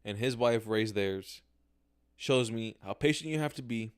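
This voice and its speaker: A young man hosts a casual solo livestream podcast, speaking candidly to the camera through its mic, using slang and swearing while often acting out his own reactions. His voice is medium-pitched, smooth, and unhurried.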